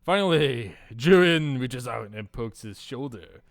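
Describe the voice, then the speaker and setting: Playful man with a lively voice. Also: medium pitch, a little slow. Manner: playful, jokey, laughing asides. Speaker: let's play host. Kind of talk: reading and commenting on a visual novel.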